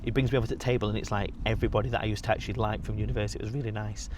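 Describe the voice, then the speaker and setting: Fast-talking bodybuilder telling stories. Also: male voice, fairly low pitch, a little hiss or hum. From England. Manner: swears freely, animated storytelling. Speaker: podcast guest, bodybuilder. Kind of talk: casual storytelling.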